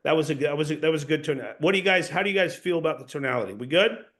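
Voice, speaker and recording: A man's voice: a little high, very fast, a bit bright. A man leading a sales coaching session, explaining points in an instructive way and often repeating or restarting phrases. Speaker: sales trainer.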